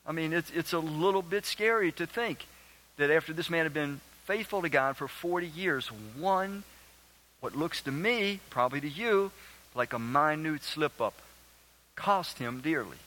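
A man's voice: on the high side, expressive, unhurried, pushed and bright, low-quality recording. A man preaching a sermon, reading scripture aloud and earnestly quizzing his congregation. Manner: asks the congregation questions; emphatic and earnest.

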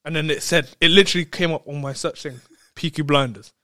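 An excitable man tells a story in casual chat, laughing often and tripping over repeated words. His voice sits a little high. The sound is close and dry. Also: fast, no echo.

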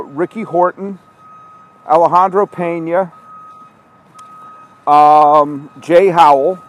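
The man's voice is a little high and the recording quality is low. As a podcast host doing a walking monologue in an outdoor parking lot at night, he scolds himself in an exasperated ramble, with street noise and a reversing truck audible.

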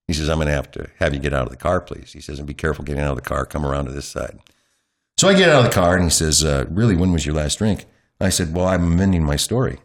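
A man, a longtime news anchor, animatedly telling a chatty anecdote as an interview guest at home. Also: sits low. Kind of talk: candid interview storytelling. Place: his home.

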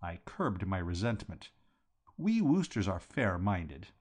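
Man giving a wry, animated reading. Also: sits low, takes it slowly, husky. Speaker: podcast host reading a novel aloud. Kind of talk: audiobook-style reading of a comic novel.

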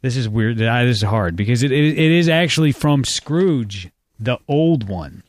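A man's voice: mid-range voice, animated, normal speed, no echo. A man hosting a casual movie-quote quiz among friends, crude and joking. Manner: crude, joking, reads quiz lines aloud. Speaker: quiz host. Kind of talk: casual podcast banter.

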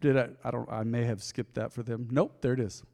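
A man's voice: mid-range voice, level tone, a little fast, gravelly, warm tone. A middle-aged man preaching a sermon as pastor, folksy and storytelling, acting out quoted voices. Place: church sanctuary. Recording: long hall reverb.

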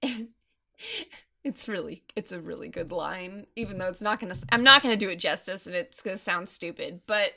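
A woman co-hosting a casual chat, animated and telling stories with acted quotes. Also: lowish voice, fairly quick, gravelly.

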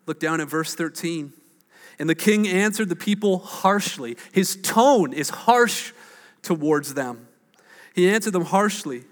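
Male pastor, lively storyteller, higher voice, long hall reverb. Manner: animated storytelling preacher, acts out quotes. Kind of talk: sermon.

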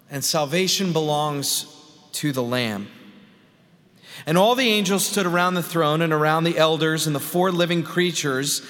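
A man leading worship as a pastor, reading scripture and praying in a slow, measured way with rising emphasis. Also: on the high side, fairly bright tone. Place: large church sanctuary. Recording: long church reverb.

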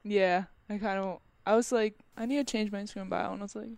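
A young woman guest on a podcast, giggly and soft-spoken with many "yeah"s. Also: medium pitch, steady tone, fast, creaky, clean tone, no echo. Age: young adult. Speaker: podcast guest, basketball player. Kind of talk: casual interview chat.

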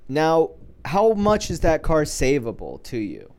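Male podcast co-host, slightly high voice, pushy and argumentative in loose chat. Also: wildly swooping pitch, a little slow, darkish tone. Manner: argumentative, explains with hypotheticals. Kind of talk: casual profane banter.

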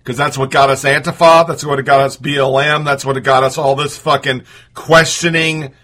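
A man's voice: mid-range voice, little pitch movement, normal speed, a bit bright. A man hosting a podcast, ranting with frequent swearing. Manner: ranting, profane. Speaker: podcast host. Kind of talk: podcast commentary.

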